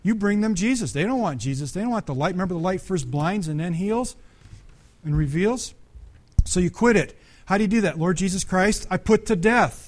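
Animated middle-aged man preaching a sermon. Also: sits high, brisk, slight background noise. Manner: animated, conversational preaching with sudden loud peaks; restarts and repeats words often. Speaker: pastor.

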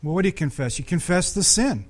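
A middle-aged man preaching a sermon, conversational and animated, with frequent restarts and sudden loud peaks. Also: sits high, quick pace. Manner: restarts and repeats words often. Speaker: pastor.

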